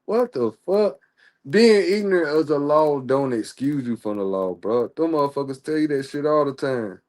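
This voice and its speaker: A man with a fairly high voice rants through casual livestream commentary. He talks in a heated, profane way and keeps dropping "bro" and "man.". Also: animated, moderate pace, darkish tone. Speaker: streamer.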